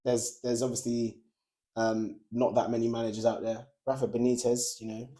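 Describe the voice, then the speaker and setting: A young man hosting a casual football podcast, animated and laughing often as he talks. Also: mid-range voice, normal speed. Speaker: podcast host.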